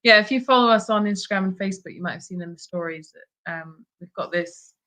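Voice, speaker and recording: Woman, live-stream co-host, medium pitch, calm, plain conversational reads. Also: fast. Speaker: sanctuary co-host reading viewer questions. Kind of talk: casual live-stream chat.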